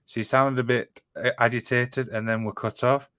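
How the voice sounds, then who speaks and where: A man's voice: mid-range voice, flat delivery, normal speed, fairly bright tone, no room sound. Exclaiming male podcast co-host, dry mic. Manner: exclaims often, trails off, restarts. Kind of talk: casual chat and reading stories aloud.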